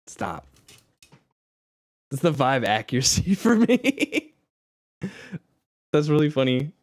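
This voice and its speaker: A man chats on a live stream in an unhurried, rambling way, full of fillers and little self-mocking laughs. His pitch swings freely up and down as he talks. The sound is dry and close, with no room around it. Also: vocal fry, darkish tone, dry recording. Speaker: music streamer. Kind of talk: casual live-stream chat.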